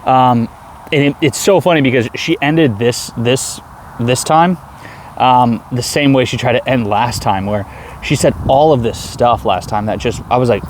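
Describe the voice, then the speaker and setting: A man in his thirties, talking earnestly in a rambling personal video diary, with many halting restarts. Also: mid-range voice, slight background noise. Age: 30s. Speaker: vlogger.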